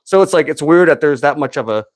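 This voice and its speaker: A man's voice: a little high, expressive, quick pace, no echo. Chatty man in his thirties, dry sound. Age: 30s. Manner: rambling, laughs often, acts out quotes. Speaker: podcast host. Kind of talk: casual chat.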